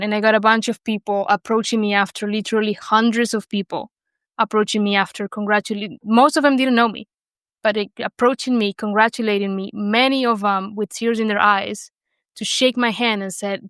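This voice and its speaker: A woman's voice: mid-range voice, level tone, fairly quick, a bit bright, clean tone, dry recording. A young woman from Argentina with an Argentine Spanish accent, whose first language is Spanish, telling her story in an interview with lots of fillers and restarts. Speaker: guest. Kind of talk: conversational interview.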